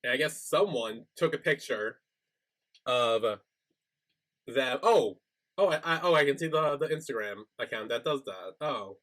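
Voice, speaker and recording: A man's voice: medium pitch, normal speed, sharp tone. A man co-hosting a podcast, chatting casually as he retells a show's episode and acts out the characters' lines. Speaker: podcast co-host. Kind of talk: casual recap chat.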